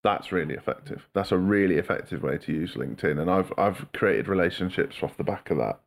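Deep-voiced man chatting casually. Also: a little fast, gravelly. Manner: chatty storyteller, slips into mocking voices. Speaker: podcast co-host. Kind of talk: casual podcast chat.

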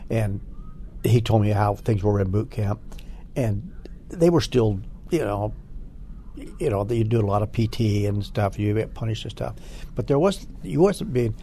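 An older man, a former Marine recruit, recalling boot camp in an interview with halting speech and many restarts. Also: on the low side, expressive, mellow, slight background noise. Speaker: Marine Corps veteran interviewee. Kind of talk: oral history interview.

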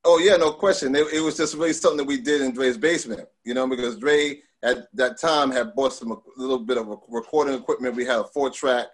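A middle-aged man from Long Island, telling stories in a casual interview, animated, with many fillers and restarts. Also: mid-range voice, quick pace, hardly any pauses, slightly rough. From Long Island, New York. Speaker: guest.

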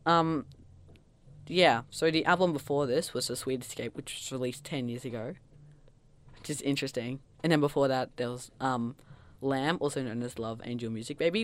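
A podcast co-host in casual chat, talking fast and bursting into loud mock quotes. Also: medium pitch. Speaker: podcast co-host reviewing an album.

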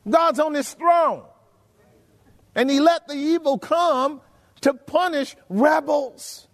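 Male preacher, sermon, high voice, slow emphatic phrasing, long hall reverb. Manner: emphatic, rhetorical questions to the congregation.

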